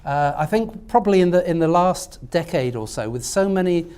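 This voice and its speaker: A man's voice: on the high side, expressive, moderate pace, warm tone, clean tone. Hesitant man discussing poetry on a panel. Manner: hesitant, with many fillers and restarts. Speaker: literary scholar speaking on a panel. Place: lecture room at a university event.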